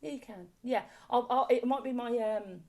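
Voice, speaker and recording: Woman, choir leader, slightly high voice, chatty, encouraging, video call from home. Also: moderate pace, a little mellow. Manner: chatty, encouraging, coaxing with repeated "lovely". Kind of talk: online singing warm-up class.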